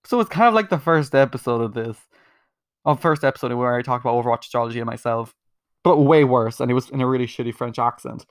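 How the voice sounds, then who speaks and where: A man's voice: mid-range voice, fast talker, clear, resonant tone, no echo, clean studio sound. A young man hosting his own podcast, rambling casually, swearing freely and putting himself down, with lots of "like" fillers. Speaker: podcast host. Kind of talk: casual solo podcast monologue.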